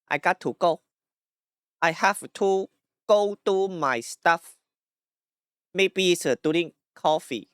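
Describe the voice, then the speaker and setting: A squawky indignant Taiwanese uncle. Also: male voice, sits high, fairly bright tone, clear, resonant tone, dry recording, clean studio sound, pitched above the performer's own voice, heavily acted. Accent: Taiwanese English. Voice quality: voice cracks, scrunched indignant squawk. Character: exasperated middle-aged Taiwanese man, voice cracking.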